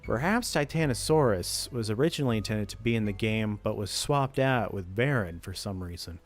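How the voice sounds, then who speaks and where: A channel host reads a creepypasta aloud casually, breaking off now and then to joke and laugh. His voice is on the low side and animated, his pace moderate, with faint music behind him.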